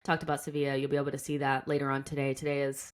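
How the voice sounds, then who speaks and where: Host: low-pitched American woman, chatty and laughing, casual talk-show delivery. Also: monotone, racing. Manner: chatty, laughs often, leans on "like". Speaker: podcast host. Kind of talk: casual football chat.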